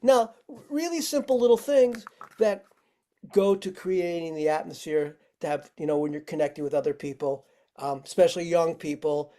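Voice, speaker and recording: Mellow-voiced man teaching on a video call. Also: fairly high pitch, moderate pace. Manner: friendly, demonstrating simple tricks step by step. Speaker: firefighting instructor. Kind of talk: virtual training lesson.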